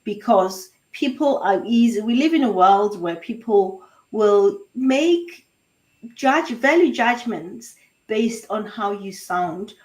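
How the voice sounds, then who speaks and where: A woman's voice: mid-range voice, expressive, slow pace, a little mellow, rough recording. Woman voice coach, Sepedi native. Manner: explanatory, demonstrates voices, many restarts. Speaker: voice coach guest. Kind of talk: online interview.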